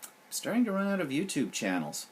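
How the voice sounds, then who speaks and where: A man's voice: fairly high pitch, very animated, fairly quick, slight background noise. A man hosting his weekly vlog, griping sarcastically and with animation. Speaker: vlog host. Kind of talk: casual vlog rant.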